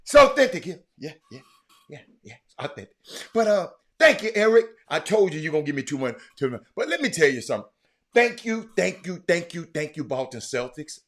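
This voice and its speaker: A middle-aged man hosts a casual live show and talks straight to his viewers. His voice sits high and swings widely up and down. He teases, stacks up repeated words and bursts into shouts. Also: big pitch swings, brisk. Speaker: show host.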